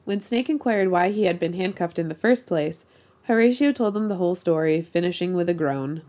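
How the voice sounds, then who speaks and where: A woman podcast host reading erotic fiction aloud with giggly, expressive storytelling. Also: fairly low pitch, a little fast.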